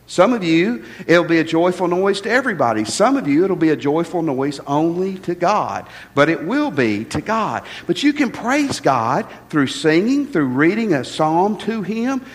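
Folksy pastor preaching with hall reverb. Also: male voice, on the high side, big pitch swings, moderate pace, hardly any pauses. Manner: folksy, joking, repeats words when starting. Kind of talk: sermon. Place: church sanctuary.

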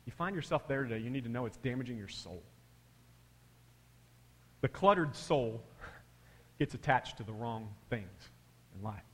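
A middle-aged man preaching a sermon, telling stories animatedly and swinging from loud bursts to hushed, quiet passages. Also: mid-range voice. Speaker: pastor. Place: large church hall. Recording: long hall reverb.

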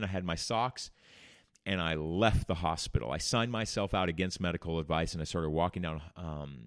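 A man's voice: lowish voice, no echo, studio quality. A man hosting a podcast, candidly telling his own recovery story with blunt, profane language. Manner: candid, blunt, swears freely. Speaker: podcast host.

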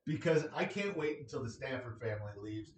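A man's voice: medium pitch, lively intonation, fairly quick. Host type: wry guy griping and joking, recorded off-mic in a roomy space with faint hum behind. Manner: rambling and sarcastic, chuckling often. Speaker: podcast host. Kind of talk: casual monologue. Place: his home. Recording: echoey room, distant from the mic.

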